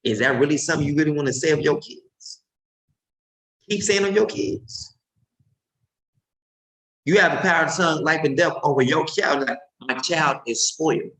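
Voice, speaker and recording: A man preaching informally and emphatically, swinging between loud outbursts and low murmurs. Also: moderate pace, pauses often. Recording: roomy echo.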